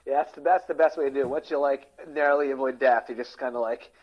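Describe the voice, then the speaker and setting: A man's voice: mid-range voice, steady tone, fast talker. Man, forties, casual podcast co-host, rambly, lo-fi sound. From Philadelphia area. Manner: rambling, self-interrupting, trails off quietly. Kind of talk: casual chat.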